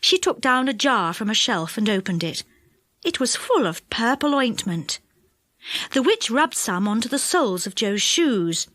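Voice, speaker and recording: A woman reading a children's storybook aloud, her fairly high voice rising and falling in a very lively, animated way. The recording is close and dry, with no room sound. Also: unhurried, no echo. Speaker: audiobook narrator.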